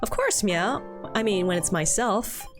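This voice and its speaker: A woman's voice: medium pitch, lively intonation, measured pace, lightly acted. A woman voicing a cheerful, catlike young boy who ends his lines with meow or woof, over faint game music. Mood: playful.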